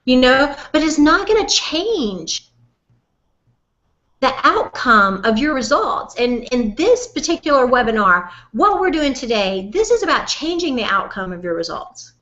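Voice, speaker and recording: A woman with a Southern accent coaching a webinar audience in a lively, folksy, direct way. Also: high-pitched, unhurried, highs cut off. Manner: animated, folksy and direct, calls listener "honey". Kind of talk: motivational webinar talk.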